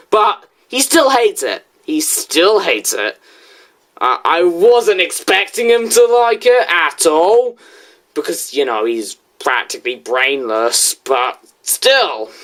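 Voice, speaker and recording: A young video reviewer in casual, rambling commentary, answering a critic with restarts and asides. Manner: rambling, restarts, lively pitch swings.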